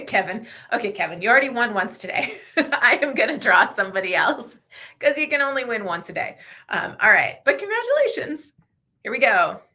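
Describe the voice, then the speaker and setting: A woman hosting a casual livestream, chatty and quick to laugh, who answers viewer questions and reads passages aloud to show how to narrate. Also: on the high side, lively intonation, pushed and bright. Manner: chatty, laughs often, demonstrates slow audiobook reading. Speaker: livestream host.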